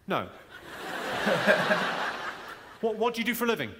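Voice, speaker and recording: Man, stand-up comic, high voice, deadpan one-liners, big reverberant hall. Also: moderate pace, long pauses. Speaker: stand-up comedian. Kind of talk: stand-up routine. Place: comedy venue stage. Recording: reverberant venue audio with loud crowd noise.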